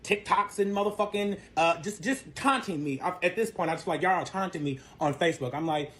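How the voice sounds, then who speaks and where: A man telling a dramatic personal story in a profane, animated way, acting out what people said. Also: high voice, a little fast. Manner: profane, dramatic, acts out quotes. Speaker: storyteller in a clip.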